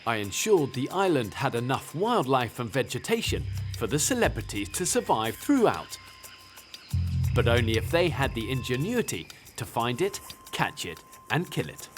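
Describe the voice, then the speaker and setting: A male host narrates a survival documentary in a measured, dramatic voice-over. His pitch moves freely across his lines, and music plays clearly underneath. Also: big pitch swings.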